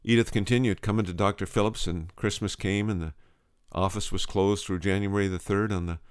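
A man's voice: fairly low pitch, fairly even intonation, fairly quick, smooth, dry recording, studio quality. A man preaching a storytelling sermon, earnest, quoting scripture.

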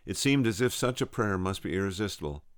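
Low, clear storyteller man, dry sound. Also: animated, fast talker, no room sound. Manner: voices quoted speakers with raised pitch; occasional stumbles and repeats. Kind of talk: retelling a revival story.

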